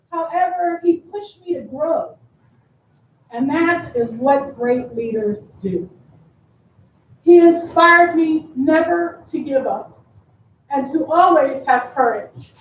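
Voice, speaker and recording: A woman's voice: high-pitched, a little hiss or hum. A woman from Kentucky giving an affectionate memorial tribute speech, often laughing between lines. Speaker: eulogy speaker. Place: memorial service venue. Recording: echoey, distant, muffled room sound.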